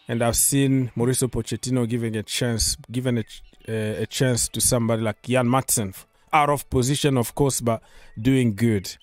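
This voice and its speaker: A man's voice: mid-range voice, a little mellow, dry recording. Chatty man hosting a football live stream. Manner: chatty, loose, repeats himself and reads out viewer comments. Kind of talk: casual live-stream chat.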